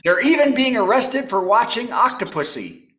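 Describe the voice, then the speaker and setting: A man's voice: extremely high pitch, big pitch swings, normal speed, fairly bright tone. A man hosting a comedy show over a video call, telling topical jokes and chuckling at his own punchlines. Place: home apartment.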